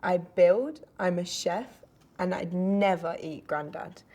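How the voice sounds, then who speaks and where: A woman voicing a tall, gentle young female werewolf who speaks softly and sounds hurt. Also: lowish voice, slow. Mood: hurt, pleading.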